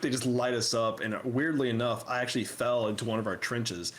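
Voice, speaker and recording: A man's voice: medium pitch, fairly quick, heavy background noise. Profane young man telling war stories. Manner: profane, animated anecdotes, acts out voices. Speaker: podcast co-host. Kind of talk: casual storytelling chat.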